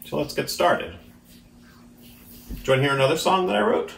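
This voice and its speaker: A man's voice: a little high, fairly quick, vocal fry, a bit bright, slight background noise. A man hosting a children's storytime, reading his own book aloud in a playful, self-deprecating way. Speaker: children's author and host.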